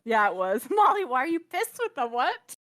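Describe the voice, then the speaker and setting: Lively young woman laughing through chat. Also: sits high, moderate pace. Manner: animated, laughs often. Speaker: podcast co-host. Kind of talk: casual chat.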